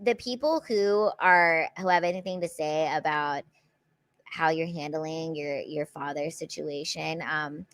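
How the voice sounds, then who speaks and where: A woman's voice: low-pitched, unhurried, a bit bright, no room sound. Earnest, supportive woman, dry sound. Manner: earnest and supportive, many restarts. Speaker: guest, comedian friend. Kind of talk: casual podcast conversation.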